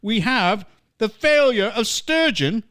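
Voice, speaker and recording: A man's voice: high-pitched, lively intonation, slow, fairly bright tone, clean tone, dry recording, clean studio sound. A man hosting a comic online pub chat, talking in a theatrical, jokey, mock-grand way. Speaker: podcast host.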